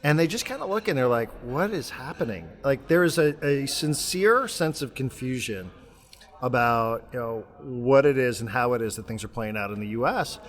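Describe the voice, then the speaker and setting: A man co-hosting a casual sports podcast, talking in a rambling, halting way with many restarts. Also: medium pitch, expressive, big-room sound. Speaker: podcast co-host. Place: remote, traveling abroad.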